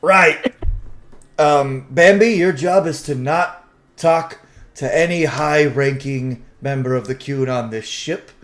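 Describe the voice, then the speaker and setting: A man's voice: a little high, slow pace, a bit bright. Varric: a man doing a dry, exasperated rogue. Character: Varric, wry middle-aged male rogue leader.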